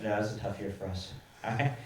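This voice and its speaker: A man's voice: fairly low pitch, a little fast, a little mellow, recorded from a distance. A man from Dallas doing a crude stand-up set and laughing at his own jokes. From Dallas, Texas. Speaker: stand-up comedian. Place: comedy club stage before a live audience. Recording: echoey club mic with crowd laughter. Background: audience laughter.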